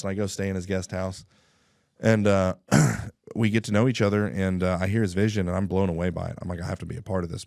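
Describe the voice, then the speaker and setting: Low-voiced man telling a story. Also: no room sound, clean studio sound. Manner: animated, acts out dialogue with quick voice shifts; frequent throat clearing and restarts. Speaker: guest telling his life story. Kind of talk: casual storytelling interview.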